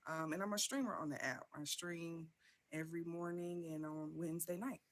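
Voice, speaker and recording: A young woman from Georgia, a talk show guest telling her story in an unhurried way with many fillers. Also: fairly low pitch, fairly even intonation. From Georgia, USA. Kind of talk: casual interview storytelling.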